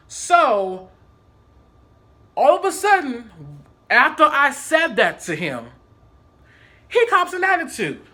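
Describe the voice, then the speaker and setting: Guy doing a storytime vlog, lots of cussing, bouncy bright voice. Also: extremely high pitch. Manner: animated, profane storytelling. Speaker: vlogger.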